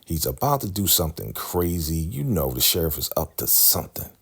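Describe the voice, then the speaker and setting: A man with a low, husky voice recaps a TV episode in casual talk. His delivery swings widely in pitch as he jumps between storytelling and acting out characters' lines. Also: brisk. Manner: animated, acts out quoted lines in character. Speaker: recap channel host.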